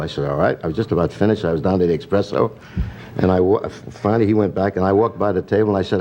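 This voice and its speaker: A man relaxed in telling an anecdote on a talk show, quoting the people in it. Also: sits low, quick pace. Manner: relaxed storyteller who quotes others.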